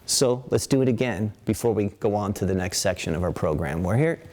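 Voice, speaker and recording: A man with a fairly low voice leads a qigong class in a calm, steady way. He counts breaths aloud and asks his class rhetorical questions, recorded indoors on a webinar camera mic. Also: brisk. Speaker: qigong teacher. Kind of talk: guided qigong instruction.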